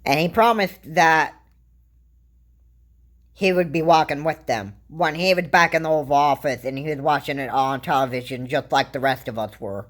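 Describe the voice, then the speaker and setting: A woman giving casual political commentary to camera, rambling and halting, restarting her sentences often. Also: sits low. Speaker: vlogger.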